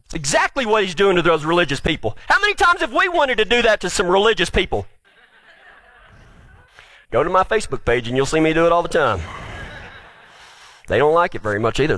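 A male preacher giving a sermon, retelling scripture with animated storytelling, then dropping to a quiet, earnest appeal. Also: high voice, no room sound. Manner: animated storytelling, acts out the quoted speakers.

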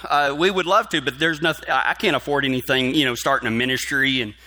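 A man's voice: mid-range voice, quick pace, pushed and bright. A middle-aged man preaching a sermon, telling a personal story in a folksy way with many restarts before growing fervent. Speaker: pastor.

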